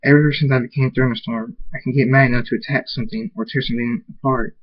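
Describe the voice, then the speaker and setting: A brooding young male alicorn pony from a fan storybook, holding back a dark temper, as a man reads him in his natural voice. The words come intense and tense, never far from anger. The recording is dull and lo-fi. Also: medium pitch, fairly even intonation, quick pace, close to an everyday voice.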